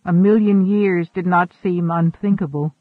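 Male audiobook narrator, high-pitched, measured delivery, dry tinny phone-like sound. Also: steady tone, no room sound. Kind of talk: scripted narration.

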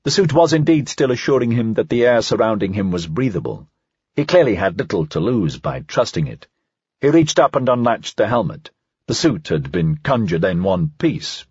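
A man giving a scripted, evenly measured narration of an audiobook. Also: on the low side, darkish tone, husky, no echo, muffled recording.

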